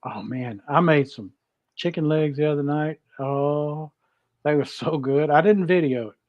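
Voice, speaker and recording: A man's voice: fairly high pitch, measured pace, muffled recording. A man co-hosting a cooking show, telling folksy stories in casual live-stream chat.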